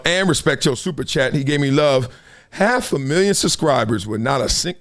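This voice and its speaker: A middle-aged man from Compton, hosting a livestream and telling stories in slangy, animated talk. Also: fairly high pitch. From Compton, Los Angeles. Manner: storytelling, slangy, acts out others' voices. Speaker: host.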